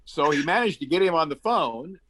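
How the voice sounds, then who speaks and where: A man's voice: fairly high pitch, lively intonation, fairly bright tone. A man in his seventies who grew up in the Middle East, chatting as an interview guest and telling anecdotes with lots of fillers. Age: 70s. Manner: chatty, acts out quotes in his stories; brisk storyteller with frequent fillers.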